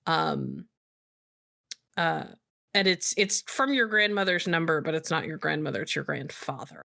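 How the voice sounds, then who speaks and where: Woman game storyteller, lowish voice, loose and chatty narration. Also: a little slow, vocal fry. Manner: relaxed, filler-heavy narration. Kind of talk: narrating a tabletop role-playing game.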